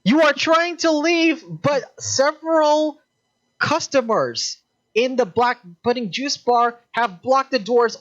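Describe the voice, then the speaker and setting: A woman narrating a tabletop game as game master, halting and full of ums and restarts. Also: a little high. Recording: dull lo-fi audio.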